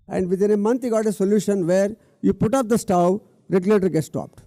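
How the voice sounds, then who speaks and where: A man's voice: sits high, fast, hardly any pauses, warm tone, no room sound. A middle-aged man, giving an earnest public talk on stage, repeating key words for emphasis and speaking directly to the audience. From India.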